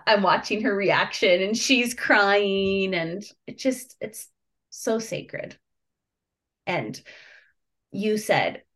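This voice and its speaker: A woman's voice: on the low side, a bit bright. Gushing woman podcast host. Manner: gushing, emotional, laughs often. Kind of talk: casual heartfelt chat.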